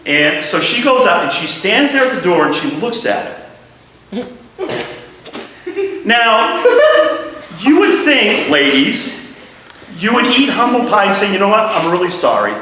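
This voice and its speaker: A man's voice: a little high, a little hiss or hum. A man preaching a sermon, telling funny stories and bantering with the congregation. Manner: animated storytelling, jokes with the congregation. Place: large church hall. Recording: echoey hall, from far off, congregation audible.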